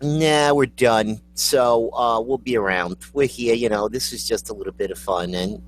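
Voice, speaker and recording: A man's voice: mid-range voice, moderate pace, a little hiss or hum, low-quality recording. A man co-hosting a casual podcast, joking around and riffing on words. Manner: jokey, puts on mock mourner voices. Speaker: co-host.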